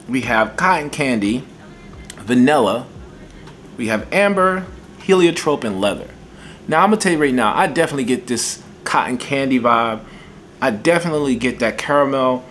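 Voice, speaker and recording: A man reviewing fragrances in a casual vlog, excitable and enthusiastic, with a folksy way of talking. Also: medium pitch, a little hiss or hum.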